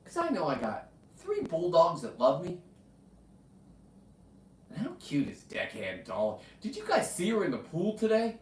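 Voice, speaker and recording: A brash, foul-mouthed man rambles through his livestream, his fairly high voice sitting a little off the mic. The room around him rings with echo. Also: wildly swooping pitch, moderate pace, long pauses, recorded from a distance, a little hiss or hum. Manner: brash, profane, talks to his dog. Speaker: livestream host.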